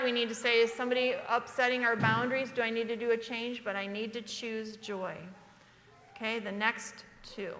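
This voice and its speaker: Brief: woman in her 60s, a preacher giving a sermon, bright forceful voice, long church reverb on the livestream. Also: a little high, slight background noise. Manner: emphatic, asks the congregation questions. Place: church sanctuary.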